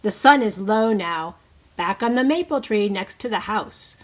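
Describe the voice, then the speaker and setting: A woman teacher reading a picture book to young children, leading them in bird calls and counting with slow, encouraging delivery. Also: medium pitch, animated. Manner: slow, encouraging, leads bird-call imitations. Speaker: preschool teacher.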